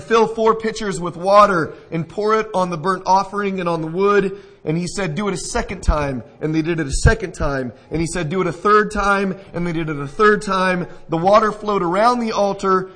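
Guy with a high voice giving a sermon, storytelling, asks the crowd stuff. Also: a bit bright, poor audio. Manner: storytelling, asks listeners questions, acts out scenes. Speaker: pastor.

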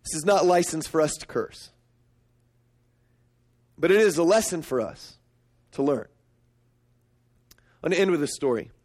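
A middle-aged man preaching a sermon, emphatic and storytelling, swinging up to excited peaks. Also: normal speed, long pauses. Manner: storytelling, emphatic, rising to high excited pitch. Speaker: pastor.

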